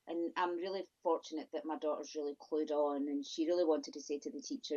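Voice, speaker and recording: A woman's voice: low voice, little pitch movement, dark tone. A middle-aged woman from the UK, a podcast guest talking in a casual, outspoken and exasperated way. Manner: outspoken, exasperated, quick asides. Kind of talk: casual interview chat. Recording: dull lo-fi audio.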